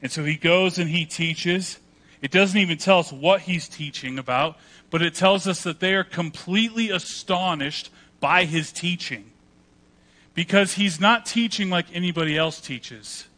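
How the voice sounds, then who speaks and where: Man preaching, sermon, bright forceful voice, somewhat high, animated delivery. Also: a little slow. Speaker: pastor.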